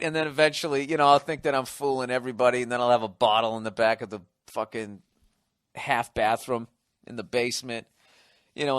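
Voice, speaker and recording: A man in his forties rambles through a profane, self-mocking solo podcast monologue. His voice sits at an everyday middle pitch. It is recorded close and dry, with no room sound. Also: smooth, no echo. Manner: rises to loud excited outbursts. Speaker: podcast host.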